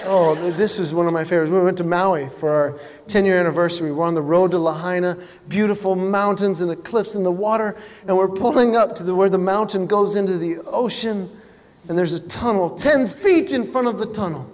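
A male comedian doing stand-up, telling stories in an animated way and acting out voices. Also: high voice, fairly quick. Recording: long hall reverb, faint background noise.

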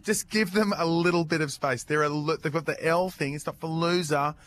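A man's voice: a little high, fairly quick. A middle-aged Australian man co-hosting a podcast, chatting casually and acting out his own stories. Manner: chatty, animated storytelling with acted-out shouts. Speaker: podcast co-host. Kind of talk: casual chat.

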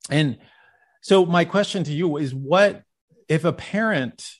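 A male podcast host speaks in a fairly high, unhurried voice during a casual interview chat. He comes across as heartfelt and rambling, restarting often and saying "like" a lot.

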